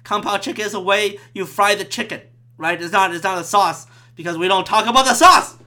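A man's voice: sits high, brisk, sharp tone. A man hosting a podcast alone, ranting in a profane, rambling way with frequent restarts. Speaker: podcast host. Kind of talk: solo podcast rant.

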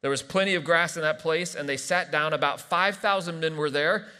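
A man's voice: on the high side, brisk, sharp tone, clear, resonant tone. A male pastor preaching a sermon in a church, mixing scripture reading with playful joking asides. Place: large church hall. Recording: live church hall with long reverb.

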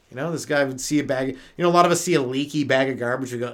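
A young adult man hosts a comedy podcast, rambling through a stand-up style monologue full of profane bits and mock voices. His medium-pitched voice is a bit bright and rapid-fire.

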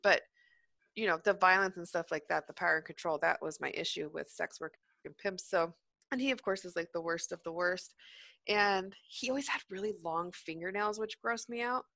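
A woman's voice: on the low side, moderate pace, creaky, pushed and bright, no echo. A young adult woman, a former prison teacher, telling blunt, profane stories in a casual podcast chat.

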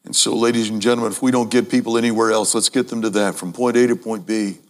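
A man preaching a sermon to a congregation, emphatic, repeating key phrases and speaking to the audience as ladies and gentlemen. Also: lowish voice, steady tone, fast.

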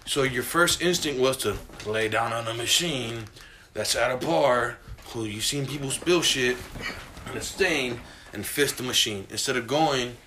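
A man's voice: medium pitch, pushed and bright, slight background noise. A man co-hosting a casual podcast, telling stories in a profane, ranting way. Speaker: podcast co-host. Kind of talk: casual chat.

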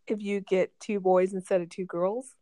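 A woman's voice: medium pitch, flat delivery, normal speed, dark tone, dry recording. A woman in casual conversation, rambling and chatty and laughing often. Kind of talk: casual chat.

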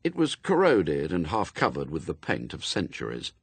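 A man narrating a novel in a wry, expressive storytelling manner, recorded close and dry. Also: a bass voice, moderate pace, slightly rough, no echo. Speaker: audiobook narrator. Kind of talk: scripted narration.

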